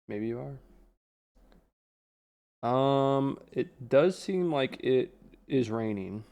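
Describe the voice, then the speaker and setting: A man's voice: medium pitch, animated, very slow, darkish tone, highs cut off. A man streaming, chatting casually and rambling through stories with lots of filler words. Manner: rambling, filler-heavy storytelling. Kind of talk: casual livestream chat.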